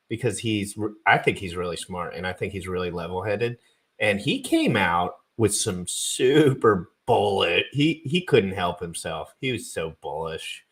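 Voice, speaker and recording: A man hosting a crypto live stream, talking casually and reacting with excited laughter. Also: low-pitched.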